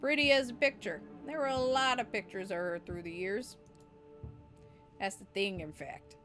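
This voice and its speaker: A man's voice: sits high, a little fast, faint music behind, close to an everyday voice. Brief: woman voicing an older male tabloid snoop, paunchy and smug, sleazy game character.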